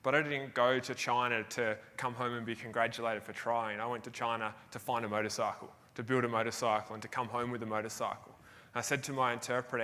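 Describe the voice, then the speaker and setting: Bright-voiced Australian man on stage. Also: medium pitch, fast. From Tasmania, Australia. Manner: energetic storytelling, laughs often. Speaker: keynote speaker. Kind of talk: motivational stage talk. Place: large event hall. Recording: long hall reverb.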